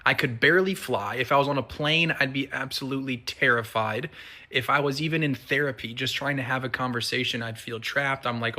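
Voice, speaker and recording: Bright-voiced man telling a candid story. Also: mid-range voice, a little fast. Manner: earnest, candid, builds to emphatic repetition. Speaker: vlogger. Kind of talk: personal storytelling monologue.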